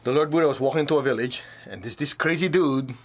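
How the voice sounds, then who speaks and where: A man's voice: mid-range voice, quick pace. A man teaching a spiritual talk to an audience, casual and blunt, often acting out the voices of people he quotes.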